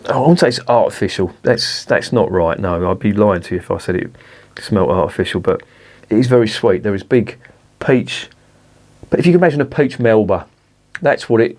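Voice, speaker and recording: A man's voice: fairly low pitch, a little mellow. A man reviewing a beer in a casual vlog, blunt and grumbling, swearing freely.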